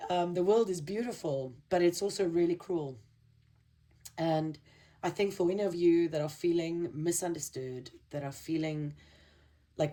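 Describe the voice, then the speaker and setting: Earnest low-voiced woman reading tarot cards. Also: mellow, recorded from a distance. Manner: earnest, halting, searching for words. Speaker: tarot reader. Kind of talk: spiritual card reading to camera.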